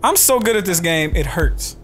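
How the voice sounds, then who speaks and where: A man doing live gameplay commentary, excitable and profane, trash-talking and yelling at opponents. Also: high voice, normal speed. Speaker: gaming YouTuber. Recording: game music under the voice. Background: video game music and sound effects.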